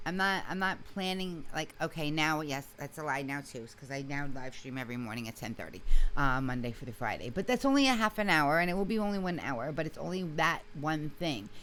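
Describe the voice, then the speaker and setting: Low-voiced woman, animated and emphatic. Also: brisk, slight background noise. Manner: animated, emphatic storytelling with frequent restarts. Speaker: interview guest, singer and video creator. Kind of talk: casual conversational interview.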